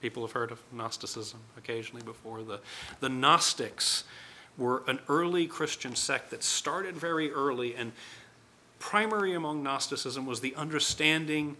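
This man preaches a sermon conversationally, acting out the voices in the stories he tells. His medium-pitched voice moves at a moderate pace with a bright, forceful tone.

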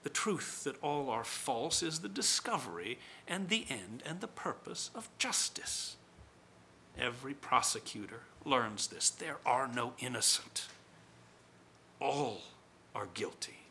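A man voicing a gravelly, scornful accusing spirit. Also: medium pitch, very animated, takes it slowly, pushed and bright, slight background noise, full character voice. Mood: indignant. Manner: scornful, declamatory monologue. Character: proud, bitter male spirit of accusation. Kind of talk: dramatic first-person monologue.

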